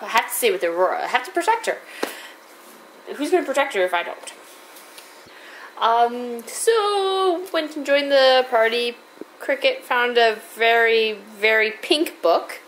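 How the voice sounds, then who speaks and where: Lady doing an in-character game recap, slow and halting, kinda highish voice. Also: expressive, a bit bright, a little hiss or hum, low-quality recording. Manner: halting, many fillers, amused.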